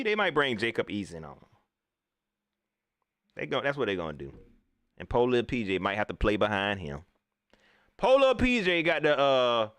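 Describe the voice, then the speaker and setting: A man riffs through a joking livestream about his football team. His pitch leaps around in a lively, animated way, and the sound is dry and close. He speaks in a loose, slangy, casual style. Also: clean tone, no room sound. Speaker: sports vlogger.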